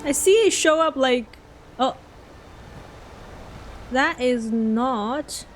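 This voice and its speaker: A woman's voice: high voice, extremely slow, slight background noise. A young Australian woman with an Australian accent, chatting casually with her viewers while she plays a game on stream. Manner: chatty, answering chat while playing. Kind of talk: casual gameplay commentary.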